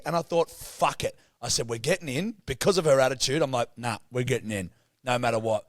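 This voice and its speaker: A man with a medium-pitched voice talks briskly as he co-hosts a casual podcast. He's an animated, sweary storyteller who plays out the people in his tale, captured in clean studio sound with no room noise.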